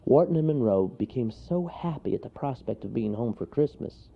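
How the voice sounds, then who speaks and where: A man reading a children's storybook aloud with expressive delivery. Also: mid-range voice, moderate pace, gravelly. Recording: lo-fi recording.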